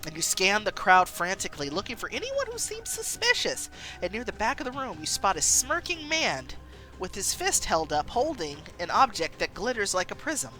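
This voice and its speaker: A woman streamer reading a story game aloud, expressive and quick to laugh. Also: medium pitch, faint music behind. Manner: expressive, laughs between lines.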